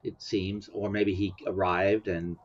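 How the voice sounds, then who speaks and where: A man's voice: low voice, level tone, unhurried, breathy edge. A man hosting a casual commentary chat, chuckling often and meandering with fillers. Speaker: host. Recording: dull lo-fi sound.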